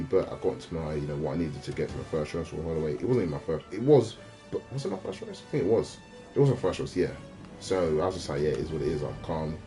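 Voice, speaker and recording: A young man from South West talks to his livestream viewers in a loose, slangy ramble. His voice sits very low, and his sentences often break off and restart. Faint radio music plays in the background. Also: sing-song, fast, dark tone. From South West London. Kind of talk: casual livestream chat.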